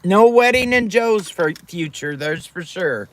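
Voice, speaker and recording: With a lowish voice, lively intonation and a slightly slow pace, a woman runs a livestream and talks fondly with viewers by name and pet names. The audio has no echo.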